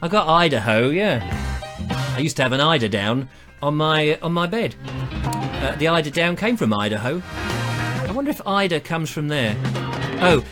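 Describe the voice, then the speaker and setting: A man's voice: fairly high pitch, lively intonation, normal speed, long pauses, music in the background. A man hosting a live online show, chatting casually and reading out viewer comments in a rambling, self-mocking way.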